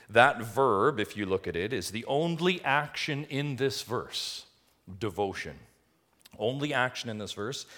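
A man preaching a sermon, emphatic and full of rhetorical questions, swinging between quiet stretches and loud, rising lines. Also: medium pitch. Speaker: pastor.

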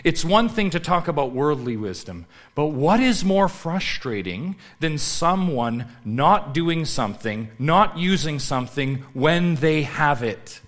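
A man preaching a sermon, swinging between loud emphatic lines and hushed low asides, and putting rhetorical questions straight to his listeners. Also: very animated, a little slow, hardly any pauses. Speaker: pastor.

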